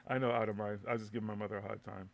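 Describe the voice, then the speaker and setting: A man's voice: lowish voice, level tone, racing, vocal fry, a little hiss or hum. A man hosting a live internet radio show, chatting loosely with lots of swearing, laughter and stumbling restarts. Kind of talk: casual live show banter.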